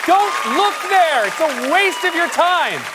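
A man doing a panicky pulled-over driver, very high voice, drawn out. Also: very animated, measured pace, crowd noise, noisy background, heavily acted. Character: nervous male driver pulled over by police.

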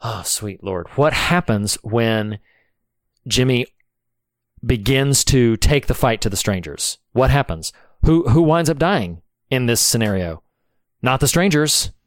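A man's voice: medium pitch, lively intonation, a little slow, dry recording. A man co-hosting a podcast, talking earnestly and thoughtfully about a film, with frequent restarts. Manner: earnest, reflective, many restarts. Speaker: podcast co-host. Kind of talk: casual film discussion.

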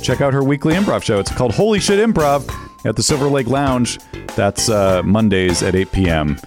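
A man's voice: mid-range voice, expressive, normal speed, music in the background. A man co-hosting a casual podcast, bantering and teasing. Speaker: podcast co-host. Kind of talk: casual chat.

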